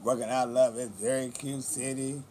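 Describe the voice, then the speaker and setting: A man's voice: medium pitch, little pitch movement, normal speed, darkish tone, slight background noise. A man in his forties from California, chatting casually and profanely to camera in a vlog outdoors at the beach. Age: 40s. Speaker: vlogger. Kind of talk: casual chat.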